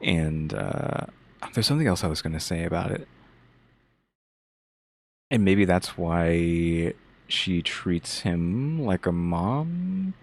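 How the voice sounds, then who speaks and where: A man co-hosting a reaction show, thinking out loud in a hesitant, rambling way as he gives his take. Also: deep voice, animated, slow pace, vocal fry, pauses often. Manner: thinks aloud, hesitant with many fillers and restarts. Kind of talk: casual commentary.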